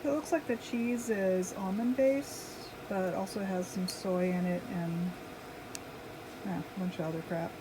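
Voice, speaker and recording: Slow, easygoing woman vlogging over background noise. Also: mid-range voice. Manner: relaxed, chatty, with fillers. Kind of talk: casual vlog chat. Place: RV kitchen.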